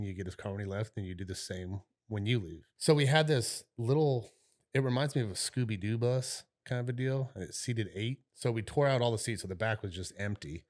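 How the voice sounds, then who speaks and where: A middle-aged man co-hosting a podcast, telling a long story in a casual, rambling way, swearing freely and dropping fillers like "right?" and "you know". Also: fairly low pitch. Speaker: podcast co-host.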